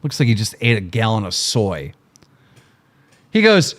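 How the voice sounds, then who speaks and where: A man's voice: fairly low pitch, wildly swooping pitch, a little slow, long pauses, fairly bright tone. A middle-aged man hosting a livestream, ranting in an angry, mocking, profane way. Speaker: livestream host.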